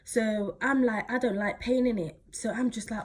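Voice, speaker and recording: A woman's voice: on the high side, steady tone, unhurried, hardly any pauses. A teenage woman, telling a personal story casually to camera, rambling with lots of fillers and slang. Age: teens. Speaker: vlogger.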